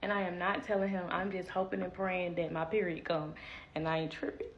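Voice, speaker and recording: A young woman telling a personal story in casual vlog style, animated and acting out what people said. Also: on the low side, a little fast, muffled recording, very noisy. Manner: animated, acts out quotes, laughs. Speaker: vlogger.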